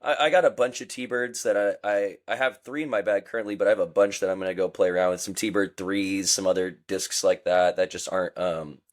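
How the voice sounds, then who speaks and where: A man's voice: low-pitched, steady tone, a little fast, few pauses. A man co-hosting a podcast, talking casually and hesitantly, thinking aloud as he goes. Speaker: podcast co-host. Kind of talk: casual chat.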